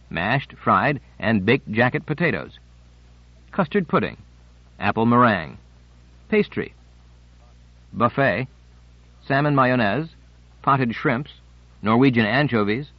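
Measured male audiobook narrator. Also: medium pitch, no room sound. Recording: dry, slightly muffled studio recording.

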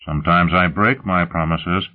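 A man's voice: deep voice, normal speed, lightly acted. Man doing a gloating, brash pleasure-seeker. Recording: tinny phone-like sound.

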